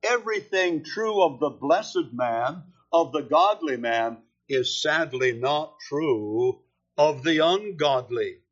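A man preaching an expository sermon, with slow, deliberate and emphatic phrasing. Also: a little high, expressive, breathy edge. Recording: dull lo-fi sermon recording.

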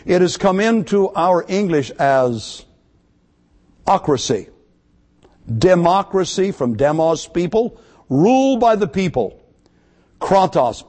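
A man preaching a sermon to his congregation, emphatic, repeating key words and slowing down to stress them. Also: on the high side, darkish tone. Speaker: pastor.

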